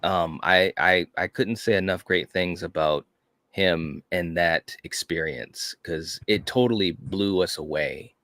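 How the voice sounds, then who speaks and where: A man's voice: deep voice, unhurried, sharp tone, no echo, studio quality. A man co-hosting a casual chat, telling stories with enthusiasm and lots of "you know". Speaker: podcast co-host.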